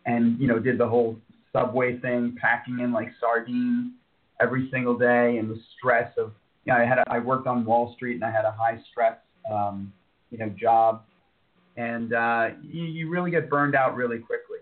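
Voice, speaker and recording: A man's voice: medium pitch, level tone, moderate pace. A man from New York City, a wellness practitioner guest, telling stories animatedly with plenty of "you know" fillers over a computer mic. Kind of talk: casual interview talk. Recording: phone-like computer call.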